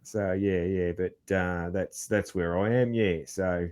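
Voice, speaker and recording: An Australian man hosting a podcast, talking in a relaxed, rambling way with lots of fillers and calling his guest man. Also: low-pitched, slow, clean tone. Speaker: podcast host. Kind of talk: casual interview chat.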